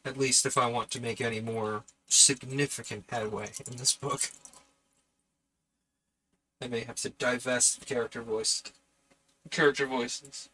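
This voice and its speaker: A man reads an old novel aloud for a live stream audience, earnest in the text and breezy in his self-deprecating asides. His voice is very bright and edgy, at a mid pitch for a man. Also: fairly even intonation, unhurried, long pauses, rough recording. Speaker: audiobook reader and streamer.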